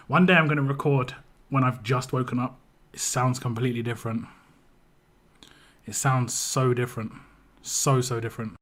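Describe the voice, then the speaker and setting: A man's voice: mid-range voice, steady tone, moderate pace, long pauses. A man with a British accent, chatting casually on a live stream, rambling and often repeating his words. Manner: rambling, repeats words, reads chat aloud.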